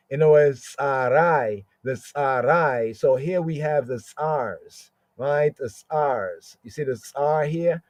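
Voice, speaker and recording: A man teaching a scripture lesson for a podcast. He sounds out Hebrew words slowly and keeps checking in with "right?". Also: mid-range voice, a little mellow, dry recording, lo-fi sound.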